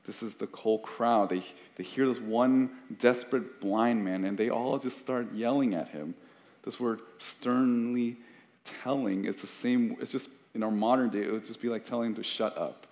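A man's voice: medium pitch, normal speed, darkish tone. A man preaching a sermon as pastor, earnest and conversational, often restarting his sentences. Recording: long hall reverb.

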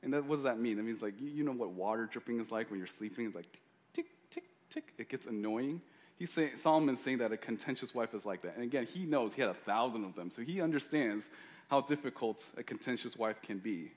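A man's voice: mid-range voice, animated, fast talker. A male pastor preaching a sermon in a joking, conversational way.

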